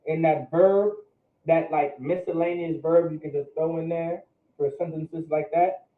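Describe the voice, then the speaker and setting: A man's voice: on the high side, fairly even intonation, a little slow. Man teaching a class over an echoey, tinny line. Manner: conversational, asks the class questions, repeats words.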